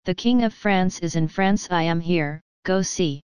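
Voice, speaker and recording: A woman reading the lines of a domineering, scolding comic queen in her own low, very smooth voice. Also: unhurried, darkish tone, dry recording, natural voice. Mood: imperious. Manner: imperious, scolding. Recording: dry, slightly dull lo-fi.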